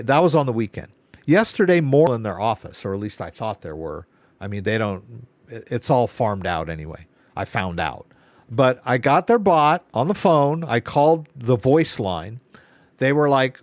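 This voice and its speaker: Hosting a live Q&A stream, a man with a mid-range voice tells a rambling story, tossing in exasperated asides. It's casual live-stream chat, recorded without echo.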